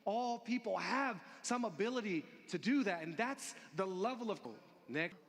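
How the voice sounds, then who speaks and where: Man, high voice, earnest rousing speaker, long theatre reverb, crowd faint. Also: expressive, normal speed, background noise. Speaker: speaker at a gathering. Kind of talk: inspirational speech. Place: large theatre stage.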